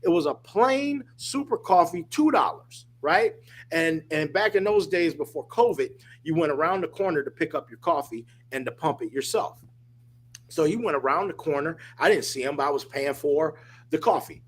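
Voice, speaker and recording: Husky, lively man telling a story. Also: a little high, normal speed. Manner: emphatic, animated, addresses listener as dude and man. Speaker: guest. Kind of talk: casual storytelling.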